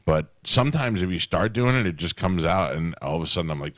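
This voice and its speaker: A man's voice: low-pitched, animated, no echo. A middle-aged man hosting a radio show, chatting casually and telling joking stories. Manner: storytelling, joking, quick asides. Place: radio studio. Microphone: studio microphone.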